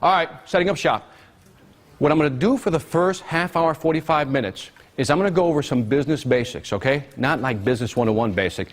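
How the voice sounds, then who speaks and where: A man presenting a live business seminar to an audience, energetic, constantly quizzing the room with questions. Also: on the high side, fairly quick.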